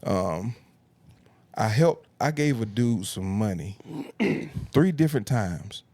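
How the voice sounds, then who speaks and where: A man, telling comic stories on a podcast with laughs and big pitch jumps. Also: expressive, takes it slowly, a little mellow, dry recording. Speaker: comedian guest. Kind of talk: podcast storytelling.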